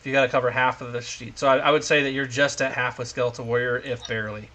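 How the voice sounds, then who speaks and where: A man's voice: medium pitch, level tone, fast talker, sharp tone. A man game master on a home streaming mic, narrating a tabletop game in a casual, chatty way and laughing often.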